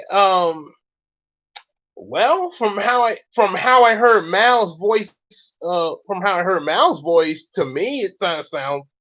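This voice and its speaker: A male host talks in a slow, halting ramble, often backing up to restart his thoughts. The chat is casual and unhurried. The audio is dull and lo-fi. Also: high-pitched.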